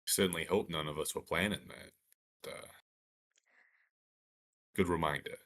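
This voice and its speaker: A man's voice: extremely low pitch, steady tone, a little slow, a bit bright. A man playing in a tabletop game, talking in character with many uhs and repeated starts. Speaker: player.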